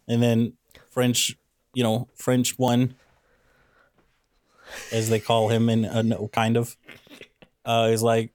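A man's voice: mid-range voice, flat delivery, slow pace, pauses often, no room sound. A man co-hosting a casual movie review chat, sarcastic and ranting as he picks apart a plot. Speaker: podcast co-host.

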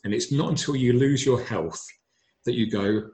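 A man's voice: medium pitch, normal speed, darkish tone. A middle-aged man, telling his personal story earnestly and emphatically, often repeating his words. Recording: echoey room.

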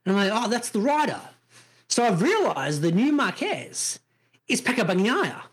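A middle-aged Australian man in loose, profane podcast banter, laughing as he goes. His pitch swings widely, and the voice has a slightly husky edge. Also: sing-song, brisk, fairly bright tone. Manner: laughing, swearing, playful. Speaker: podcast co-host. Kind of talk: casual banter.

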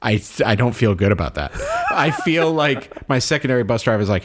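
A man in casual podcast chat, goofy and quick to laugh, acting out his own inner voices as he talks. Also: mid-range voice, animated. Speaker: podcast co-host.

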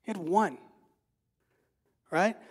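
In a husky male voice that sits high, this preacher draws out his words during a relaxed, chatty sermon. He repeats himself, leans on fillers, and often poses rhetorical questions to the listeners.

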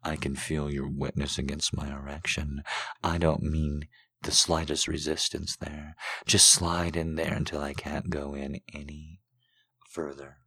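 A man voicing a seductive male lover in a whispered role-play, murmuring low and hushed. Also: flat delivery, a little slow, husky, no echo, heavily acted. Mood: sultry.

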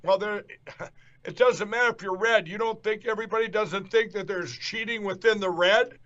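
This high-pitched male host, with an Upper Midwest American accent, leads a political interview show, hammering points home and repeating them to fire up his audience. His tone is steady and fairly bright, his pace moderate, and the lo-fi audio is dull.

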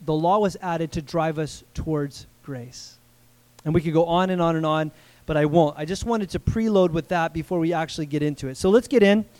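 A man's voice: high-pitched, a little mellow, no room sound. A man preaching a sermon as pastor, earnest and emphatic, often putting questions to the congregation.

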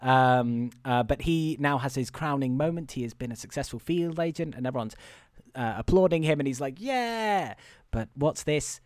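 A man's voice: mid-range voice, normal speed, a little mellow, no room sound. Man, podcast co-host, rambling casual recap, video call from home, dry sound. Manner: rambling, filler-heavy, acts out quotes. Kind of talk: casual movie recap chat. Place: home room.

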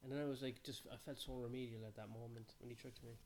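A man, a comedian and podcast co-host, talking in a quiet, sheepish, self-mocking way in casual chat. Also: medium pitch, fairly even intonation, fast, a little hiss or hum.

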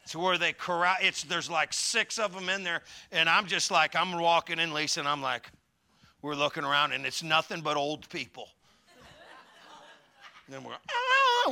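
A man's voice: a little high, gravelly, pushed and bright. A middle-aged man preaching a sermon, joking through rambling asides and calling for the congregation to answer back. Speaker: pastor.

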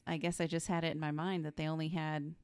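A woman's voice: deep voice, fast, clear, resonant tone, dry recording, clean studio sound. A woman co-hosting a podcast, chatting casually about a movie and laughing often. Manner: giggly, lively, chimes in. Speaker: podcast co-host. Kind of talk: casual movie recap chat.

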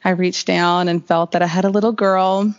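A woman's voice: fairly low pitch, little pitch movement, normal speed. A woman telling a long personal story as an interview guest, in a rambling, chatty way full of "like". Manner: chatty, rambling, heavy use of "like". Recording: slightly dull lo-fi recording.

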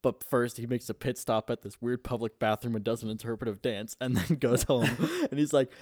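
A man's voice: medium pitch, fairly even intonation, a little fast, hardly any pauses, a little mellow, no room sound, clean studio sound. A young man casually recapping a movie in a rambling, profane way, full of fillers.

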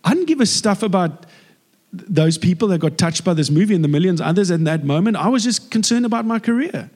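A man from South Africa with a South African accent, giving a personal faith testimony as a lively storyteller who acts out dialogue. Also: high voice, a little fast.

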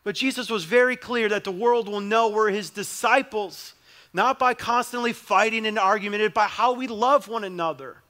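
A man's voice: high-pitched, normal speed, bright, forceful tone. A young adult male pastor preaching a sermon in a conversational way, with emphatic repetition.

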